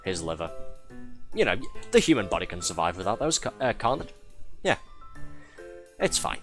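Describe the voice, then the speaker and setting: Wry, low-voiced male game streamer. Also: fairly bright tone. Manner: wry, sarcastic, laughs often. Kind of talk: live gameplay commentary.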